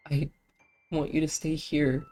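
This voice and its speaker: A lonely girl who begs and pleads, clingy and eager, as a streamer puts her on. Her voice sits higher than the reader's plain talk, with a soft, mellow tone. It is game dialogue read aloud on a stream. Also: flat delivery, a little slow, soft background music, close to an everyday voice. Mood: longing. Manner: begging, clingy.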